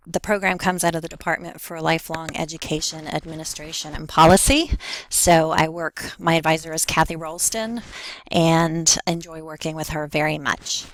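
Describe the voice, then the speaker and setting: A woman with a somewhat low voice records a self-introduction for a graduate class. She talks hesitantly, trips over her words and fills pauses with "um.". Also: a bit bright, poor audio. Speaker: faculty member taking a graduate class.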